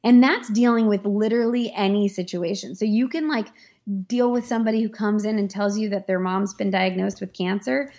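A woman, a guest author and life coach, explaining ideas in a relaxed, practical interview style with frequent fillers. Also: mid-range voice, brisk. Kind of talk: conversational interview.

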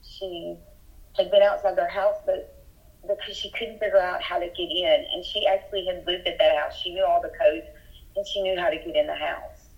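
Over a muffled phone line, a Texas woman appears as a guest and tells a personal story in earnest detail, her urgency building as she goes. Her voice is lowish, her tone steady and her speed normal.

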